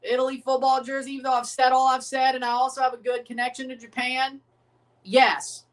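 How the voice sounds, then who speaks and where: Hosting a live sports watchalong, this woman jokes and swears her way through it, deliberately grating. Her voice is a touch high and her delivery is flat.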